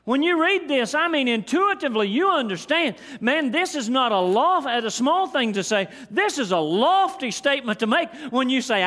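A middle-aged preacher with a drawl and a high, bright-pitched voice, delivering a sermon from the pulpit. He drops to near whispers, then builds to shouted refrains, repeating key lines for emphasis. His voice carries a long reverb, as if filling a church sanctuary. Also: very animated, moderate pace, hardly any pauses. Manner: dramatic swings from hushed to shouted, repetitive emphatic delivery. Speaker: pastor.

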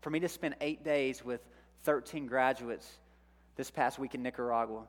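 Animated preacher in a reverberant church. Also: male voice, medium pitch. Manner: animated storyteller, acts out his own panic. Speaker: youth pastor. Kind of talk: sermon with personal story. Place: church sanctuary. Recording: long hall reverb.

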